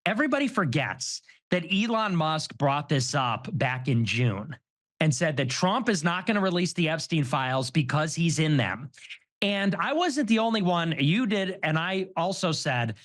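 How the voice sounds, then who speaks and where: A man hosting a show, giving casual political commentary in an animated, quick-reasoning way. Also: fairly high pitch. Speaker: show host.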